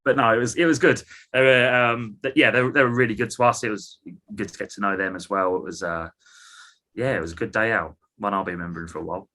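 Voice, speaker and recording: A man's voice: fairly low pitch, fast talker, sharp tone. A man, a band member guest on a podcast over a video call, talking in a rambling, laid-back way. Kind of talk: casual interview.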